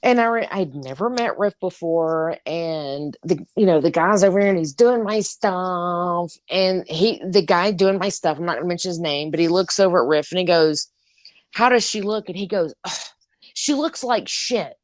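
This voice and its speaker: A woman co-hosting a podcast in casual chat, animated and laughing, swearing freely as she tells stories. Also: lowish voice, moderate pace, hardly any pauses, dry recording. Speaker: podcast co-host.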